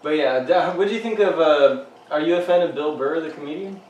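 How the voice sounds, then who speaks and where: A man's voice: a little high, a little fast, darkish tone, dull audio. A man co-hosting a podcast, chatting loosely with a friend and swearing freely. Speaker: podcast co-host. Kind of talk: casual chat. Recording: roomy, distant mic.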